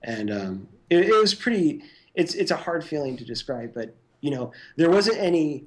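A man's voice: a little high, very animated, moderate pace. A man recounting his work as a guest on an interview podcast, speaking loosely and filling his sentences with "like" and "you know". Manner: rambling, full of "like" and "you know". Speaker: guest stop-motion animator. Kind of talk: casual interview recollection.

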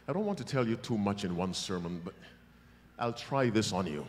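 A male preacher giving a revival sermon, emphatic and teasing, with sudden loud bursts. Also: fairly low pitch, animated, brisk. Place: large church hall. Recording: long church hall reverb.

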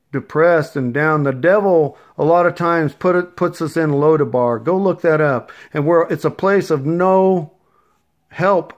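A man with a slightly high voice preaches to his listeners in an informal, rambling way. He speaks earnestly and wanders off into asides and stories. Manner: storytelling. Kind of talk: informal sermon.

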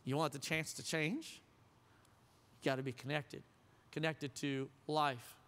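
A male pastor gives a casual, joking sermon and keeps checking in with the congregation. His voice is smooth and clear, pitched high. It rings out with the long reverb of a large hall. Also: steady tone, unhurried, a bit bright. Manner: conversational, joking, asks the crowd questions. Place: church sanctuary.

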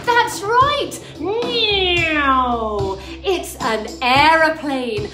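Female kids' drama leader, high and bouncy, sing-song with sound effects; echoey room, music underneath. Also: lively intonation, drawn-out words. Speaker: children's drama class leader. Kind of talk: lively lesson for toddlers.

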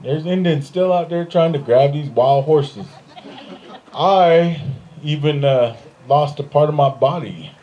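A man doing stand-up comedy, telling a long story on stage and jumping into high, put-on voices for the other people in it. He laughs often at his own jokes. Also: a little slow, highs cut off. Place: stage in front of a live audience.

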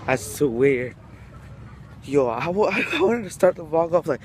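Excited young man vlogging on the street. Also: a little high, unhurried, slight background noise. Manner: excited slangy storytelling, many "bro"s. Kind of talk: casual vlog chat. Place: outdoors on a city street, walking.

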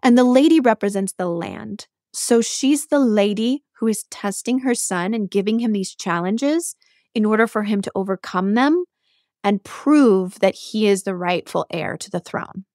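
A woman podcast host retelling a myth in an animated, chatty way, with asides to the listener. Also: mid-range voice, a little slow, no echo, studio quality.

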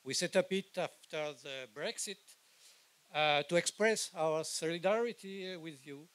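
A man's voice: fairly high pitch, a bit bright. Hesitant older man, French accent. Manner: hesitant, halting with many fillers. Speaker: rally speaker. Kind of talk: outdoor rally speech.

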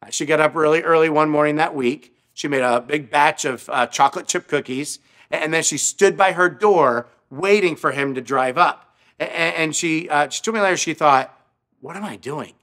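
A man's voice: fairly high pitch, moderate pace, fairly bright tone. A male pastor telling a story in a sermon, earnest, often repeating his words as he speaks. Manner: stammering repetitions, earnest.

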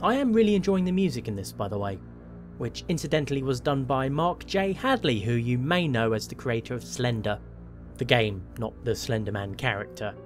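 Commenting on the horror game he's playing, this man thinks out loud with wry jokes at his own expense while faint music plays in the game. His voice is medium-pitched and expressive, moving a little fast.

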